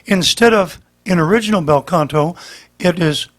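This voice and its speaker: A man's voice: sits high, normal speed, a bit bright. A man with a slightly damaged voice, patiently explaining and demonstrating in a voice lesson. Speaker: vocal coach.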